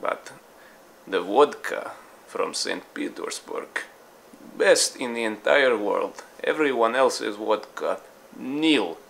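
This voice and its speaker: Man doing deliberate, quietly boastful Russian man with a thick Russian accent. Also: medium pitch, expressive, gravelly, a little hiss or hum, exaggerated voice.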